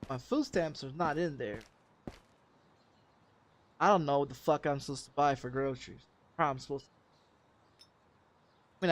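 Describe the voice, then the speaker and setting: A man from Texas, a game streamer, telling an angry story in profane, cursing casual talk. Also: a little high.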